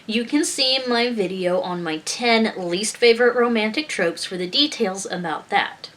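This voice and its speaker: A woman's voice: medium pitch, animated, moderate pace, a bit bright. Chatty, playful woman vlogger. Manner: chatty, playful, laughs easily. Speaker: YouTube host and writer. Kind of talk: casual vlog sign-off and bloopers.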